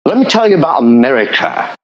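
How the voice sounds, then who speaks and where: A man's voice: mid-range voice, very animated, a little fast, echoey room. A man speaking as an economist guest on a podcast, explaining passionately and repeating points for emphasis. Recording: dull lo-fi audio.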